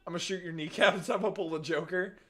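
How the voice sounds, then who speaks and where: A young man, streaming a game and bantering loudly with chat. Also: high voice, fairly even intonation, brisk. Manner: loud joking banter, swearing, shouting greetings. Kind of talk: casual gaming livestream chat.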